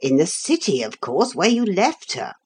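A woman voicing a small wooden toy man come to life, who explains things in a calm, matter-of-fact way. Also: lowish voice, normal speed, breathy edge, full character voice. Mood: patient.

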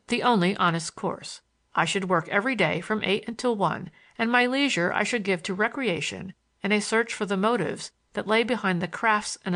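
A woman narrating a first-person novel in a measured, even reading. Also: medium pitch. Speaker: audiobook narrator.

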